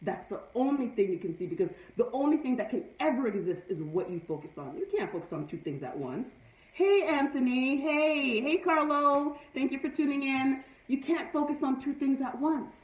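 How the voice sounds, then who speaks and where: A woman with a slightly high voice gives a preachy motivational talk, driving her points home again and again. She sits back from the microphone, and the sound is dull and echoey. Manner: preachy, repetitive, emphatic. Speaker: live-stream host. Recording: echoey room, far from mic, dull sound.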